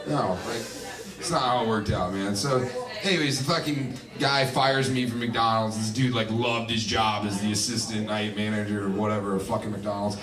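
This live club recording catches a twentysomething comic on the low side, steady and at normal speed, rambling profanely through his set and cracking himself up. He's far from the mic, with a crowd audible and the audience laughing.

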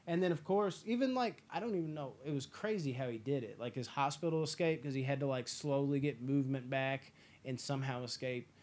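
A man hosting a casual movie review chat, enthusiastic and profane, acting out scenes in quick impressions. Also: medium pitch, a little mellow. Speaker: podcast host.

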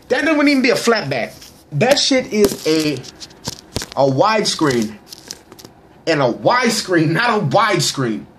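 A young man giving casual, boisterous shout-outs to followers in a profane, slangy way. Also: high-pitched, slight background noise. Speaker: vlogger reading social media shout-outs. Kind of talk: casual live shout-out chat.

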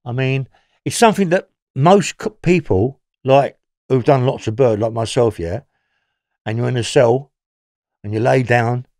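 A man's voice: medium pitch, a little slow, a little mellow, dry recording, studio quality. A man, a former prisoner telling rambling stories in an interview, swearing and laughing as he goes. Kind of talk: storytelling interview.

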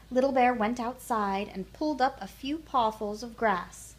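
A woman storyteller reading a children's picture book aloud in an expressive, sing-song way. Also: on the high side, normal speed, few pauses.

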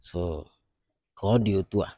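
A man playing a calm male elder who gives measured advice about a ritual. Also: sits low, no room sound, studio quality.

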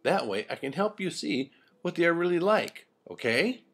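A man voicing a caring father ram who gently advises his daughter. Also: a little high, sing-song, normal speed, husky, pitched above the performer's own voice, heavily acted. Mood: gentle.

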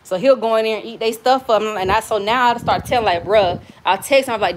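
A young woman with a relaxed Southern US accent talks on and on while she cooks at home, frank and full of stories, cursing without a second thought. Her voice sits a little on the high side. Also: fairly quick, hardly any pauses, slight background noise. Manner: chatty, frank, storytelling, swears freely. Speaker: cooking vlogger. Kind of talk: casual livestream chat while cooking. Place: home kitchen.

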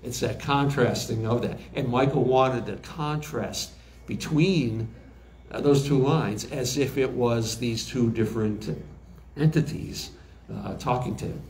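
In an interview, a recording engineer in his sixties tells stories haltingly, full of fillers and restarts. His medium-pitched voice is a little mellow, and the roomy recording has faint background ambience and slight noise.

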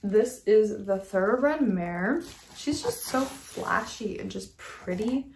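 A woman's voice: medium pitch, animated, slow pace, darkish tone. A woman hosting a casual unboxing vlog, chatty and gushing, with lots of filler words. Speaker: vlogger unboxing model horses. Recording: echoey room with faint background noise.

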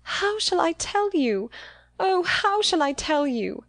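A woman's voice: very high-pitched, sing-song, slow, fairly bright tone, dry recording, voice pushed up, exaggerated voice. A woman voicing a distressed, pleading young lady. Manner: breathless, pleading. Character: agitated pale young noblewoman, distressed.

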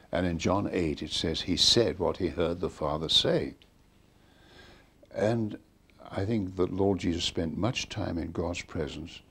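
Older male interviewee, deep and husky, earnest storyteller who punches the quoted lines. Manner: earnest, animated retelling with emphatic quoted commands. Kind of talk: recounting stories in an interview.

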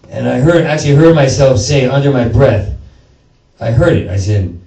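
Animated and creaky with a dark tone, a mid-range male voice moves at normal speed through a profane, rambling comedy set full of self-interruptions and stammered restarts. The setting is a small performance space with a live audience. Sound is roomy and distant, with the crowd laughing.

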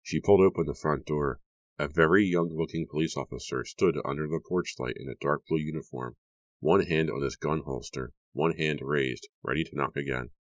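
A man narrating a horror audiobook in a steady, measured reading. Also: a bass voice, no room sound, muffled recording.

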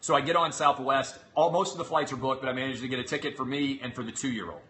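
A man's voice: medium pitch, fast talker, fairly bright tone. Fired-up man telling a story. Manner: exasperated, sarcastic retelling with acted-out quotes. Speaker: show host. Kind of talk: animated storytelling monologue.

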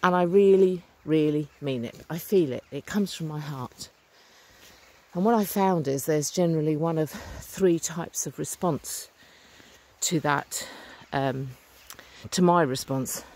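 A woman's voice: low-pitched, measured pace, darkish tone. Middle aged woman chatting to her phone outside on a walk, earnest and upbeat, kinda chatty. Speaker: vlogger. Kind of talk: walking vlog, casual talk to camera. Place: outdoors on a rural lane by a stream. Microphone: phone or camera held while walking.

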